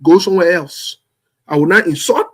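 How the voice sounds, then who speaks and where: A man's voice: high voice, normal speed. A man from Liberia hosting a show, speaking bluntly and emphatically in impassioned political commentary, repeating phrases for force. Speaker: show host. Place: home in the United States.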